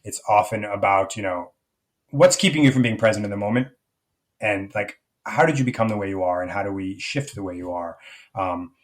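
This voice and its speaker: A man's voice: lowish voice, brisk. A man speaking as a life coach guest in a podcast interview, reflective and rambling, with many fillers and restarts.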